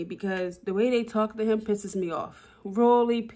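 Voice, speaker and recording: A woman's voice: fairly high pitch, fairly even intonation, moderate pace, few pauses, dark tone. A woman vlogging candidly about her relationship, emotional and blunt, swearing and repeating herself for emphasis. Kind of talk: personal vlog, talking to camera.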